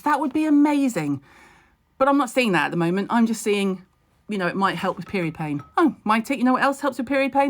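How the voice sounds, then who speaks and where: With a medium pitch, this woman, a skincare expert in her forties, speaks casually to a live-stream audience from home. Expect dry, blunt humor, plenty of jokes, and quick side comments.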